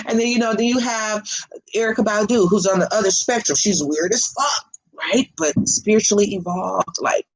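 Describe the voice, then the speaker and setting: Woman spiritual reader, casual livestream chat, rambling and loose with frequent laughter, medium pitch. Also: normal speed, gravelly, poor audio. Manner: chatty and rambling, swears casually, laughs often.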